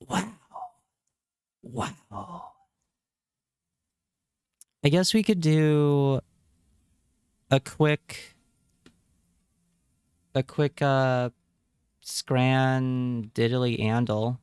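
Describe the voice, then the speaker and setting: A man's voice: medium pitch, extremely slow, long pauses, darkish tone, clear, resonant tone, no room sound, clean studio sound. A man streaming live, chatting casually with his viewers and reacting with wry remarks and repeated words.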